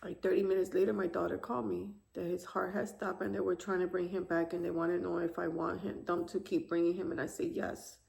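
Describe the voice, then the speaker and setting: A woman in her fifties, a grieving mother, telling the story of her son's death to camera in a soft, halting, tearful way. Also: fairly low pitch, flat delivery, gravelly. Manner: soft, halting, tearful retelling with quiet pauses. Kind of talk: emotional personal testimony to camera.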